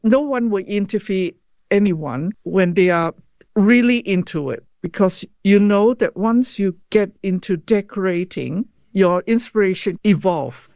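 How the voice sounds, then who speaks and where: A woman's voice: medium pitch, darkish tone, no echo. Older woman, dry. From Hong Kong. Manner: chatty, laughs easily, slightly broken English. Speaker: interviewee, former home economist. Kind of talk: reminiscing interview.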